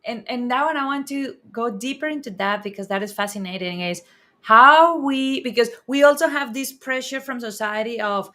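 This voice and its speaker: A woman hosts a parenting interview with a bright, fairly high voice. She talks earnestly, working through her questions as she goes. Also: a little fast, few pauses. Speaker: host. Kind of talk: casual interview.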